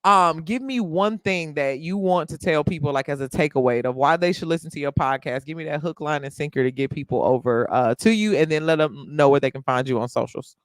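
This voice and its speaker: A woman's voice: low-pitched, fairly quick, hardly any pauses, no echo, clean studio sound. A woman hosting a podcast in casual chat, blunt and emphatic, swearing freely. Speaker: podcast host.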